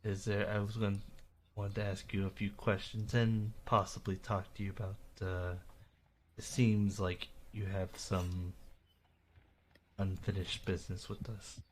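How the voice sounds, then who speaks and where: A man plays his character at a tabletop game, feeling his way through each line with pauses and fillers. He speaks low and very slowly. A faint noise sits behind him. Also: little pitch movement. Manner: hesitant, lots of fillers and pauses. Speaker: player.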